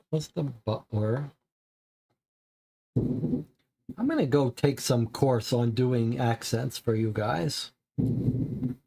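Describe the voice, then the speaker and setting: Gravelly-voiced man narrating a noir game. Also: mid-range voice, darkish tone. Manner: chatty, asides to viewers. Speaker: game host playing a solo noir case.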